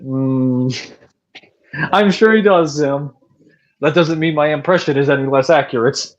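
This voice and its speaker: Male streamer, casual and profane, reads chat aloud, dull lo-fi audio, mid pitch. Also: slow pace, pauses often. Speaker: gaming streamer. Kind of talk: casual live-stream commentary.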